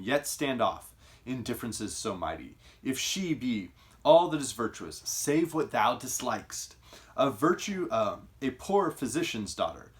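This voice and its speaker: A man's voice: mid-range voice, fairly bright tone. A man reading a stern king in verse. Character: stern older male king lecturing on virtue. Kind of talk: dramatic reading of a play.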